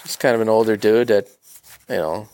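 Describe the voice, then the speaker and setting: A man's voice: fairly low pitch, brisk, darkish tone. A man as a podcast guest in casual chat, laid-back and jokey, peppering his talk with dude and man.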